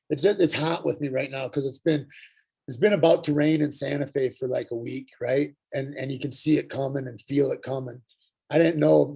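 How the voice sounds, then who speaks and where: A middle-aged man shares his recovery story in an earnest, halting way. His voice is gravelly and husky, and his pitch sits mid-range for a man. He pauses often and restarts his sentences as he talks. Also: a little mellow. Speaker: workshop speaker sharing his story. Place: Santa Fe.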